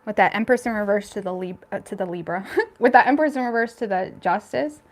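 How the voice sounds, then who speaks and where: A woman's voice: mid-range voice, a little fast. A woman giving a casual tarot reading, frank and chatty, thinking aloud with plenty of fillers as she goes. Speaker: tarot reader.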